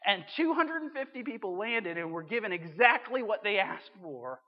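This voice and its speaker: High-voiced man preaching in a hall. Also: very animated, normal speed. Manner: conversational preaching with emphatic swings in loudness. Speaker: pastor. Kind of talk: sermon. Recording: dull sound with long hall reverb.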